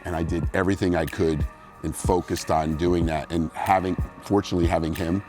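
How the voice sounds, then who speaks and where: Middle-aged guy with a really low voice, animated storytelling in an interview, faint music behind. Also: a little fast. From New Jersey, USA. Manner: animated, acts out quoted voices. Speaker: guest bodybuilder.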